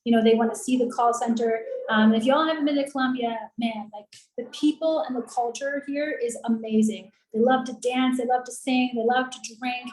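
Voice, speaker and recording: A woman talking in a chatty, upbeat, persuasive way, pitching her business on a video call. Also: steady tone, normal speed, hardly any pauses, a little mellow. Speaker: lead generation and call center business owner. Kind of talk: casual sales pitch on a coaching call. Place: in Colombia. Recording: roomy echoey room.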